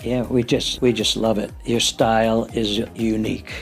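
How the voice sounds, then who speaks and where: Gravelly male interviewer with brief prompts. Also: on the low side, level tone, moderate pace, soft background music. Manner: affirming, brief enthusiastic prompts. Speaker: interviewer, host. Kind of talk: casual interview chat.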